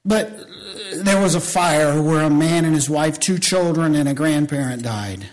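A man's slightly high voice moves a little slowly through an impassioned sermon, climbing to loud appeals and sinking to quiet storytelling. He tosses in folksy asides to his church.

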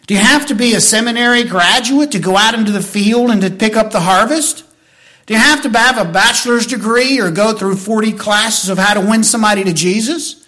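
A man's voice: high voice, fairly bright tone. A man preaching a sermon as a pastor. He tells folksy stories, asks the congregation to agree with him, and builds to emphatic preaching.

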